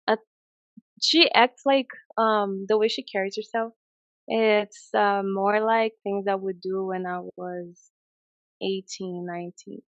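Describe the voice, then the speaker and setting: A woman in her twenties, a non-native English speaker, chatting as a podcast guest and pausing to search for words. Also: mid-range voice, steady tone, dry recording, highs cut off. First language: not English. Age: 20s. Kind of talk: casual podcast chat.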